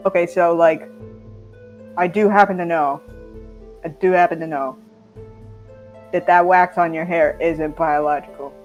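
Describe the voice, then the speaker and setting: A man's voice: fairly high pitch, steady tone, measured pace, long pauses, muffled recording, soft background music. A man playing a tabletop game who jokes bluntly. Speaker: player.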